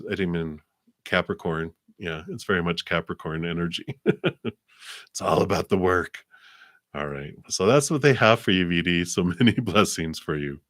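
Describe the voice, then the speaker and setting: A man with a low, deep voice gives a casual live tarot reading, rambling with fillers and laughing lightly between phrases. The sound is close and dry, with no room echo around him. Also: fairly bright tone. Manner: chatty, easygoing, laughs often between phrases; rambling with fillers, paraphrases spirits in his own voice. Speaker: tarot card reader, host of a live stream.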